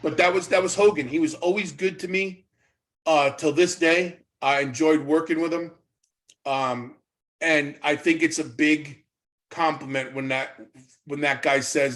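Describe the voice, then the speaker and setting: This fairly high-pitched man talks a little slowly, and the recording is rough. He's a fifty-something ex-pro wrestler sharing stories in a relaxed interview, bringing quoted lines to life with animated acting.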